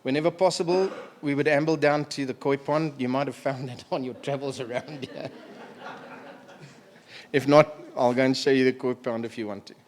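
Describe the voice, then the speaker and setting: A middle-aged man delivering a memorial eulogy for a family member, halting and emotional, pausing to clear his throat. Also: mid-range voice, steady tone.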